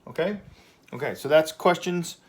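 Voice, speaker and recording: A man teaching a casual Spanish lesson, chatty and relaxed, filling pauses with "um" and checking in with "okay?". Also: fairly high pitch. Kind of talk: casual classroom lesson at a whiteboard.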